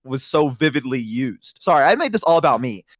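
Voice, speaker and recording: A man guest on a chat stream, telling a long story in an animated, rambling way, acting out voices. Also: medium pitch, a little fast, dry recording, clean studio sound. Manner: rambling, self-conscious asides.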